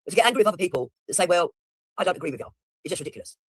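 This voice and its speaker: A man's voice: high-pitched, lively intonation, racing, a bit bright, breathy edge, dry recording, clean studio sound. A man giving blunt, mocking, profane commentary while reacting to a video.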